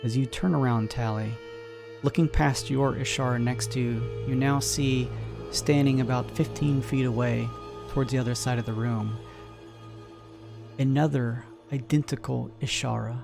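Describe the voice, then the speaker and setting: A man narrating a tabletop game as game master, slow and dramatic. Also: mid-range voice, fairly even intonation, vocal fry, over music.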